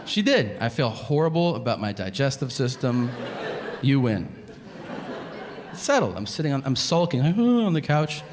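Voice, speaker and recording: A man's voice: mid-range voice, big pitch swings, normal speed. A man doing a stand-up set, telling a self-mocking, profane story and acting out both sides of a conversation. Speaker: stand-up comedian. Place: theater stage before a laughing audience. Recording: live hall with reverb and crowd noise.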